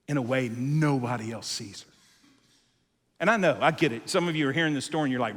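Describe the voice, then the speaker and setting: A male pastor preaching a sermon, telling a story with animated acted-out voices and dropping to quiet, intense moments. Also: medium pitch, fairly quick, big-room sound. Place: church auditorium.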